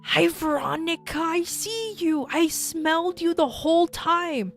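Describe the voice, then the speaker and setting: A man's voice: very high voice, a little slow, vocal fry, fairly bright tone, soft background music, pitched above the performer's own voice, exaggerated voice. A woman voicing a creepy young man who stalks a woman, speaking in an eerie, overly familiar way.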